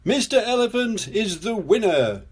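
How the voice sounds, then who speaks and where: An older man voices a showy male potato who calls out contest results like an announcer. The voice swoops widely and sits a touch high. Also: sing-song, a little slow, husky, heavily acted. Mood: proclaiming. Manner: announcer-like proclaiming.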